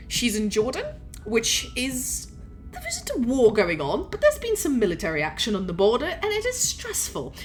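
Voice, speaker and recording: A woman's voice: mid-range voice, fairly bright tone. A woman streaming a game, ranting casually and rambling in an exasperated way, with swearing throughout. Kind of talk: casual gaming stream chat. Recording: game music in background.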